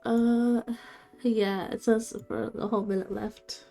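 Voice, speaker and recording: Giggly woman, slow, playful. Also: a little high, level tone, creaky, dark tone. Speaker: player. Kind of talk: playing a tabletop game with friends.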